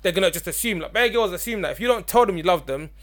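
A man, co-hosting a podcast and telling stories in rapid, animated casual chat full of slang. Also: high-pitched. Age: 20s. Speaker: podcast co-host.

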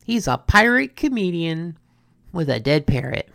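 A speaker casually recapping an episode in an animated, rambling way, correcting themselves as they go. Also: mid-range voice, measured pace, vocal fry, dry recording, clean studio sound. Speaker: show recapper.

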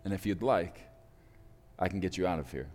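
A man voicing a somber, powerful, wealthy father who speaks slowly, quietly and gravely. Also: deep voice, in a large hall, faint music behind, lightly acted.

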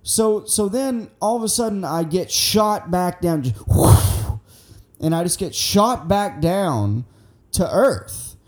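A man's voice: high voice, slow. A young man casually telling a long personal story, rambling and swearing, acting out what people said. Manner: rambling, profane, excitable, acts out quotes.

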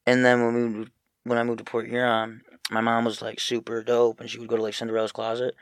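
A man's voice: mid-range voice, fast, no room sound, studio quality. Profane man telling stories. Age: young adult. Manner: profane, animated storytelling with loud mocking impressions. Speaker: podcast guest. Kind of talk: casual chat.

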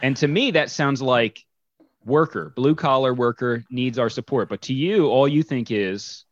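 A man's voice: mid-range voice, no room sound. A man co-hosting a casual podcast chat, joking and playfully teasing his co-host. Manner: playful teasing, quick jokes. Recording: dull lo-fi sound.

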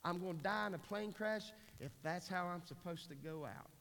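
A man's voice: high voice, normal speed, gravelly, fairly bright tone, in a large hall. A pastor in his forties preaching a sermon in a church, talking in an earnest, folksy way with many restarts. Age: 40s. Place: church sanctuary.

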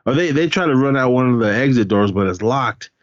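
A man's voice: medium pitch, fairly quick, dry recording, dull audio. A man casually recapping a film on a podcast, rambling along and acting out the characters' cries and curses. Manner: rambling, animated retelling with voiced reactions and cursing. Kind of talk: casual chat.

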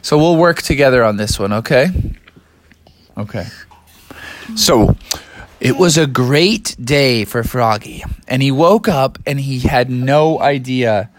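A woman's voice: a bass voice, lively intonation, slow. A woman hosting a children's storytelling show, inviting the children to help tell the tale. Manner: warm, inviting, prompts children to add. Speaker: storyteller host.

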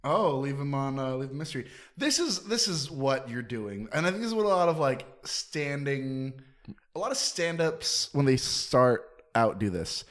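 A man's voice: medium pitch, big pitch swings, moderate pace, a bit bright. A man co-hosting a casual podcast chat, blunt and teasing as he critiques a friend's comedy. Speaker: podcast co-host.

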